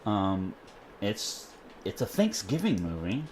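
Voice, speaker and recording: Lively guy on a podcast, pitch jumps all over, a bit of hiss behind him. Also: takes it slowly. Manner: animated, laughs often, quotes lines in a higher voice. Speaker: podcast co-host. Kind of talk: casual chat. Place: home.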